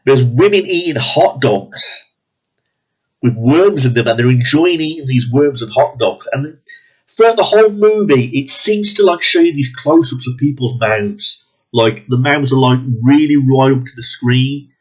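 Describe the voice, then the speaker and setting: Man, ranting movie review, husky voice, muffled lo-fi recording. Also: medium pitch, animated, measured pace. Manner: blunt, profane and exasperated. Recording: dull lo-fi recording.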